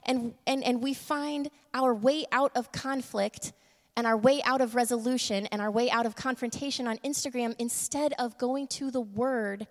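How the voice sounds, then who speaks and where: A woman giving a casual sermon, laughing often and moving between quick asides and slow, emphatic lines. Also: on the high side. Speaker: church speaker. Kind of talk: casual sermon with humor and props. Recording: long reverb of a large room.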